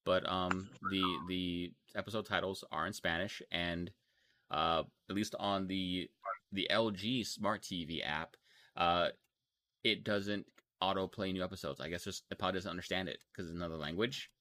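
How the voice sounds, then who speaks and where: A man's voice: sits low, fairly even intonation, moderate pace, pushed and bright. A young man from Texas with a Texan accent, hosting a casual podcast chat about anime and rambling through restarts and fillers. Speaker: podcast host.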